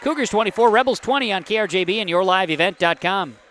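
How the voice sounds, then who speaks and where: A man doing live play-by-play of a high school basketball game, with quick calls that jump up on big plays. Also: lively intonation, fairly bright tone, slight background noise. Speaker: play-by-play announcer.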